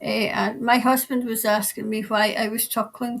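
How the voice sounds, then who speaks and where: Her voice is on the high side and gravelly, delivered flatly at a moderate pace. Hosting a casual tarot live stream, she chats loosely about viewer comments, laughs a lot, and lets her sentences trail away.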